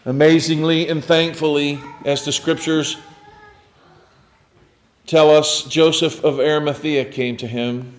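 A man preaching a sermon, retelling scripture in a reflective storytelling way, often dropping to a near hush. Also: fairly high pitch, flat delivery, unhurried, long pauses.

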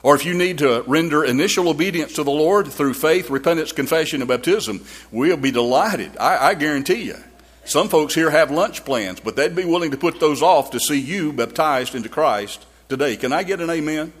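Casting: male preacher, somewhat high voice, folksy storyteller delivering a sermon in church. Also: lively intonation, normal speed, slightly rough. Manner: storytelling with repeated restarts, folksy.

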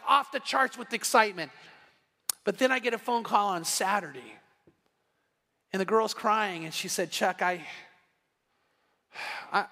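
A man's voice: extremely high pitch, sharp tone. A man in his sixties preaching a passionate sermon, emphatic and repeating phrases for emphasis. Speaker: pastor. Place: church sanctuary. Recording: long hall reverb.

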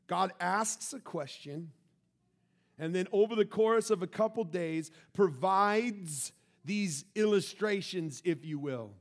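A man preaching a sermon, reading scripture and acting out the characters, with laughter and sudden loud bursts. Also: high voice, takes it slowly. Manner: animated, acts out the scripture with shouts and laughter. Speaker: pastor.

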